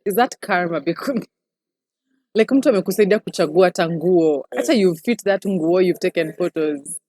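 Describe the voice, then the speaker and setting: A woman's voice: fairly low pitch, animated, normal speed, darkish tone, no room sound, studio quality. A young woman doctor with a Kenyan accent, chatting animatedly in an interview and slipping Swahili phrases into her English. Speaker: newly qualified doctor, guest. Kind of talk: casual interview chat.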